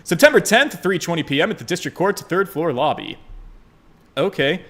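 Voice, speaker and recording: A man's voice: a little high, sing-song, normal speed, a bit bright. A man giving casual, joking commentary while playing a game, swearing freely and talking to viewers. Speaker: let's play host.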